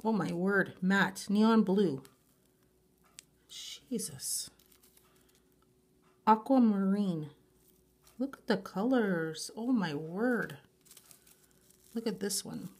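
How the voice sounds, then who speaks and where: An excited woman unboxes nail polish supplies on camera, letting out one breathless exclamation after another. She talks slowly and draws out her words as she repeats her praise. Her voice sits at an ordinary middle pitch. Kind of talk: unboxing a grab bag, excited casual chat.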